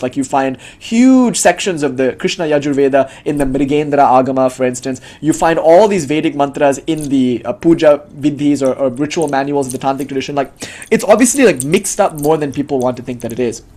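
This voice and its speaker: A man giving a casual spoken lecture on a spiritual tradition, animated and chatty, with lots of fillers and free swearing. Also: a little high, a little fast. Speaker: teacher of tantric tradition.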